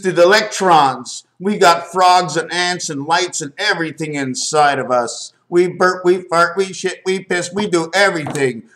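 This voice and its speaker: A man rambling through numbers and wordplay as he explains a drawing, swinging between loud bursts and quiet mumbling. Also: fairly high pitch. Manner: meandering, wordplay, counting aloud, shifts from loud to quiet. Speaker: video maker.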